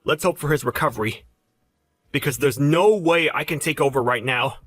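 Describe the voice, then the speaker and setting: Agreeable young husband, mild and apologetic, a bit high-pitched, voiced by a man. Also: moderate pace, a bit bright, dry recording.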